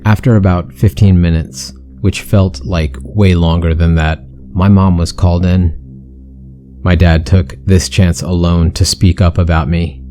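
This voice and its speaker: A man's voice: deep voice, little pitch movement, measured pace, mellow, faint music behind. A man narrating a first-person horror story with an intense, brooding delivery.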